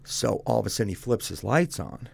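A man's voice: lowish voice, lively intonation, brisk, vocal fry, husky. A man telling his own story as a guest, speaking bluntly and casually and calling the host "dude".

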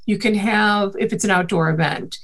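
This woman's medium-pitched, fairly bright voice moves at normal speed as she chats in a casual interview. A marketing and events guest from the Boston area, she has a faint Boston accent and rambles, using many fillers.

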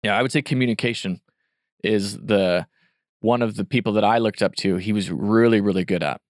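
Male host, lowish voice, upbeat and affirming, dry close-mic sound. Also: a little fast, no room sound. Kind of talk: casual chat.

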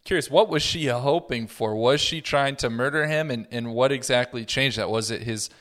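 A man's voice: mid-range voice, moderate pace, a bit bright. A man hosting a podcast discussion, asking probing questions in a casual, curious tone. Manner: asks probing questions, inquisitive. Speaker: podcast host leading the discussion.

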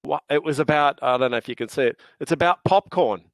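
A man's voice: a little high, fast talker, no echo. Jovial Australian man telling stories. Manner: jovial, laughing storyteller with slang. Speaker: podcast guest. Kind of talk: casual chat.

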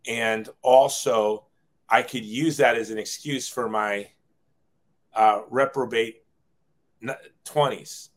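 A man's voice: medium pitch, fairly even intonation, slow, long pauses. A man in his forties, a guest telling his life story in a casual, self-deprecating way, often acting out quoted dialogue.

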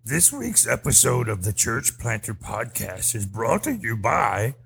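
A man doing a slow, gravelly wise-master voice for an ad read. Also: medium pitch, very animated, a bit bright, exaggerated voice. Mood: solemn.

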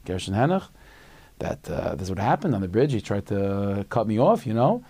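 A man's voice: on the low side, very animated, moderate pace, mellow, no echo. A man doing an indignant old hasid. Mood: complaining. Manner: indignant complaining. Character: indignant elderly hasid, proud and offended.

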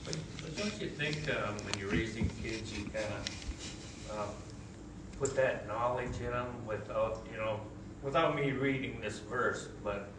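A man's voice: fairly low pitch, unhurried. A man in a Bible study group offering a hesitant comment, full of fillers. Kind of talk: casual group discussion. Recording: distant, echoey room with loud noise.

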